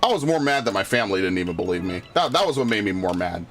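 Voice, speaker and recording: A man's voice: deep voice, very animated, quick pace, fairly bright tone, a little hiss or hum. Profane, heated male gaming streamer. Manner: profane, heated storytelling with frequent restarts. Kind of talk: casual gameplay commentary and ranting.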